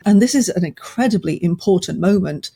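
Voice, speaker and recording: A woman co-hosting a podcast, explaining things in a measured way. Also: fairly low pitch, lively intonation, creaky, mellow, slightly rough. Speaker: podcast co-host. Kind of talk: casual podcast chat.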